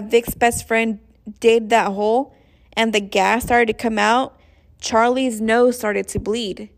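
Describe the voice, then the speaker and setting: A woman's voice: fairly high pitch, gravelly. A young woman casually retelling a story in a rambling, profane way, full of slang and fillers. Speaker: show recapper. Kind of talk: casual plot recap.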